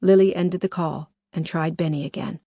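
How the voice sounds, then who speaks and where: A woman reading audiobook narration in a measured, even way. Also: fairly low pitch, husky, dry recording. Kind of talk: scripted narration.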